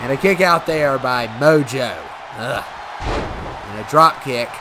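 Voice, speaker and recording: A man commentating a wrestling video game play by play, excitable and given to shouting and cheering at the big moments. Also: mid-range voice, unhurried. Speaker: gaming channel host. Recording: loud game crowd and noise behind.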